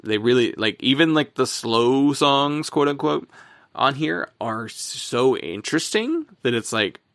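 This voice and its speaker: A man co-hosting a podcast, talking about music in a rambling, casual way, full of fillers and quick laughs. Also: medium pitch, expressive, a bit bright, no room sound, studio quality. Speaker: podcast co-host.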